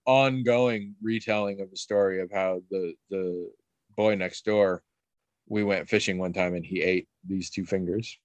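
A middle-aged man in casual conversation, telling rambling stories with frequent restarts and animated quoted voices. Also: low-pitched, measured pace, dry recording. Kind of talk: casual chat.

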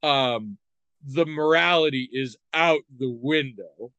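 A man's voice: medium pitch, slow, bright, forceful tone, dry recording, dull audio. A man chatting casually as a podcast host, rambling and wry with plenty of ums and likes. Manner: rambling, wry, many fillers. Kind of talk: casual chat.

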